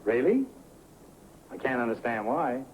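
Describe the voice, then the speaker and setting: A wisecracking deadpan comic. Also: male voice, mid-range voice, a little slow, dull audio, slight background noise. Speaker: wisecracking hotel manager in a film.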